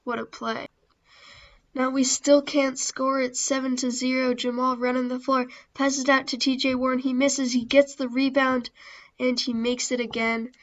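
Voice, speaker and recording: A woman's voice: high-pitched, level tone, normal speed, dull audio. A woman giving casual, understated play-by-play commentary over her own video game session, with self-deprecating asides. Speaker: gaming channel host.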